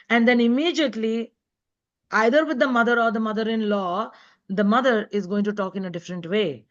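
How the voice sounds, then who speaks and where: A woman's voice: a little high, fairly quick. Earnest woman speaking on a lo-fi call. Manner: earnest, emphatic, preachy. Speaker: guest speaker and author. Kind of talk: online panel talk. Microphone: video call.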